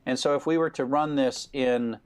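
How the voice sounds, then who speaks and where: A man's voice: mid-range voice, steady tone, normal speed, smooth. A man giving a recorded programming lecture, explaining steadily with fillers.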